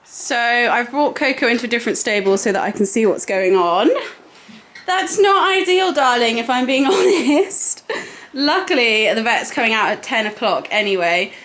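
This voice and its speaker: A woman's voice: a little high, lively intonation, moderate pace, a bit bright, a little hiss or hum. A young woman filming her day at a horse yard, chatting to the camera and fondly talking to her horses. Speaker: horse rider running a yard. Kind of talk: casual vlog narration. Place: outdoor stable yard. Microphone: camera mic, no clip-on.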